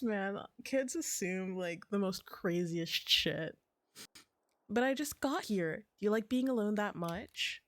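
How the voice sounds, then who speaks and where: A woman's voice: medium pitch, lively intonation, slow pace. A young woman streamer giving casual game commentary, with swearing, exasperated rants.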